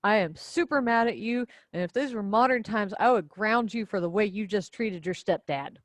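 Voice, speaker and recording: A woman's voice: medium pitch, normal speed, no room sound, close to an everyday voice. A woman voicing a dramatic, exasperated middle-aged queen and mother in a casual class summary. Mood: scolding. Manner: dramatic, flustered, sarcastic.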